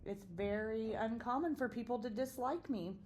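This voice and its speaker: A woman's voice: fairly high pitch, normal speed, darkish tone. A middle-aged woman nurse telling a work story in casual chat, cheerful and self-deprecating. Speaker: nurse and podcast co-host. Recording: faint background noise and ambience.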